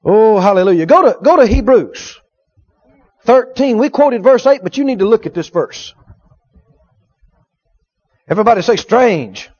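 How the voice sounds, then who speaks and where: Preacher guy w a really high voice, lively sermon, jumps loud to quiet, muffled old tape sound. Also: a little slow, pauses often. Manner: animated, acts out little dialogues, swings from loud to hushed. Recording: dull lo-fi sermon recording.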